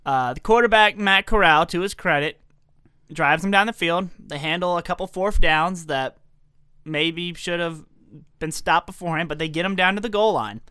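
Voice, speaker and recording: A man co-hosting a casual sports podcast, setting up stories briskly and steering the talk. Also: high voice, sharp tone, smooth, no room sound. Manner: brisk, steers the story, cuts in. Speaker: podcast co-host.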